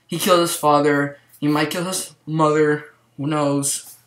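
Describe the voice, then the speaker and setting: A man giving a casual movie review to camera, rambling and excited, with lots of "like" fillers. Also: on the high side, a little slow. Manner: rambling, excitable, heavy use of "like". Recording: roomy echo.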